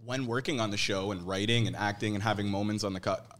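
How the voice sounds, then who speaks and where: A man's voice: lowish voice, steady tone, a bit bright. A man hosting a podcast, asking long, easygoing questions in a casual way. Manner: quick, easygoing, asks long rambling questions. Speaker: podcast host.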